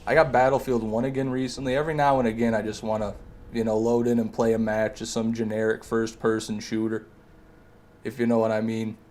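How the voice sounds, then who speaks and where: A man's voice: on the low side, level tone, brisk, a little mellow. Chatty male game streamer. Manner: chatty, reads and answers chat, sarcastic jabs. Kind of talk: casual live-stream chat with viewers.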